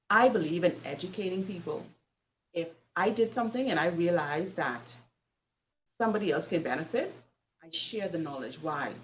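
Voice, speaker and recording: A woman's voice: on the low side, recorded from a distance, slight background noise, rough recording. A woman hosting a live show and giving an emphatic, preachy motivational talk full of rhetorical questions. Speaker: host.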